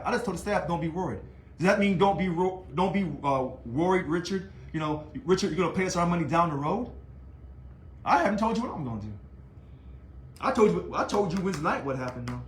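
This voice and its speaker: Man, casual to-camera monologue, taunting rhetorical style, high voice, roomy echo. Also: a little fast. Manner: animated, taunting, rhetorical questions. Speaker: union leader. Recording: echoey room.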